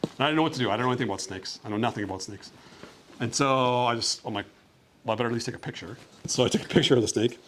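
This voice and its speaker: Fast-talking upbeat young man. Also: mid-range voice, a bit bright, a little hiss or hum. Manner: chatty, upbeat, many "like" fillers, friendly with kids. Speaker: travel presenter speaking to a school class. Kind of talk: casual talk and Q&A with children. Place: classroom.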